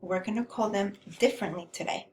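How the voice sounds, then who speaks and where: A woman teaching a first grade phonics lesson, speaking clearly in a sing-song teacherly way and prompting young children to repeat after her. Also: medium pitch, a little fast, darkish tone, slight background noise.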